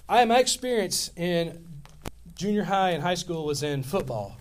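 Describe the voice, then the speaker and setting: Animated high-voiced male pastor preaching. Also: unhurried. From Louisiana, US. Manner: animated storytelling, rambling restarts. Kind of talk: sermon.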